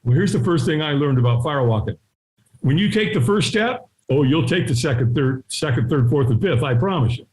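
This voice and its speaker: A middle-aged man telling a story as an interview guest, acting out the voices of people in it and sometimes shouting. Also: a little high, expressive, brisk. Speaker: guest, firewalking instructor. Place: his home.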